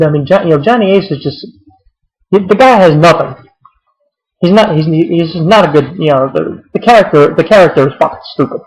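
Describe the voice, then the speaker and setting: Young man, slightly high voice, rambling wrestling recap, lots of fillers, swears. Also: expressive, a little fast, rough recording. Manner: rambling, many fillers and restarts, swears freely. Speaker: wrestling show reviewer. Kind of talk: casual spoken recap.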